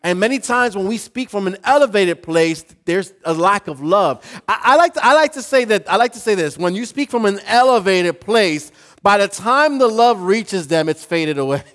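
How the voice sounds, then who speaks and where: A man preaching a sermon as pastor, talking in a conversational, animated way with playful asides. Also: sits high.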